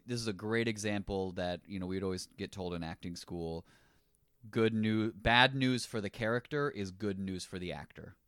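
A man co-hosts a relaxed conversation about a film, easygoing and slipping into quick voices to act out lines of dialogue. His voice is lowish yet fairly bright, clear and resonant. The recording is dry and of studio quality.

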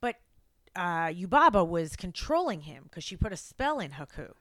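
A woman's voice: moderate pace, no room sound. A woman co-hosting a podcast, chatting animatedly through a film recap and leaning into the story. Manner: animated, acts out quotes in a high frantic voice. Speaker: podcast co-host. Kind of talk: casual chat recapping a film.

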